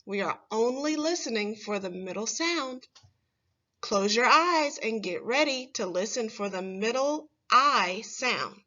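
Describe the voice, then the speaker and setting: A woman teaching a phonics lesson to first graders, saying each word slowly and clearly for the children to repeat. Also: on the high side, expressive, pushed and bright, lo-fi sound. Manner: slow, clear, stressing single words for children to repeat.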